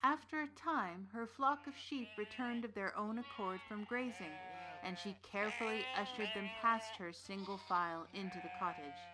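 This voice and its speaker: An old witch telling a dark folktale, measured and deliberate, in a mid-pitched voice, as an actress voices her. Her storytelling is unhurried and knowing. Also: close to an everyday voice. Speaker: narrator. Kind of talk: scripted storytelling narration.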